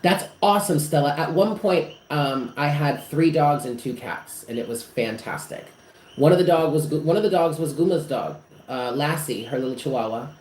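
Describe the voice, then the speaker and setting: A man's voice: a little high, normal speed, darkish tone. A man chatting casually on a live stream, rambling and emotional with many fillers, at home in his apartment. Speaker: psychic reader hosting a live stream. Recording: echoey room with faint noise.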